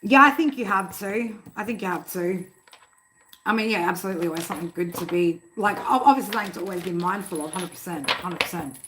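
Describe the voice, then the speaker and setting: A casual, chatty woman reading tarot live from her home, with noise clearly audible behind her voice. She swears freely, laughs easily and talks straight to the chat. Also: on the low side, fast. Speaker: tarot reader hosting a live stream. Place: home room.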